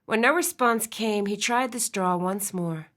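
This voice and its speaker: A woman narrating a romance audiobook in an expressive storytelling style. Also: mid-range voice, measured pace. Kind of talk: scripted narration.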